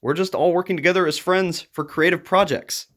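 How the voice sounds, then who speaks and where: A man talking to camera in a frustrated, agitated rant, breaking into nervous laughs, his voice jumping higher when worked up. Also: steady tone, a little fast, a bit bright. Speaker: YouTuber.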